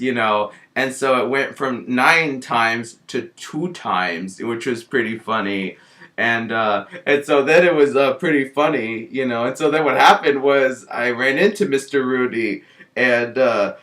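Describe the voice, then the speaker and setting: Rambling man telling a story, bright voice. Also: mid-range voice. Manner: rambling, full of "you know" and restarts. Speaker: vlogger. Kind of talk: in-character storytelling monologue.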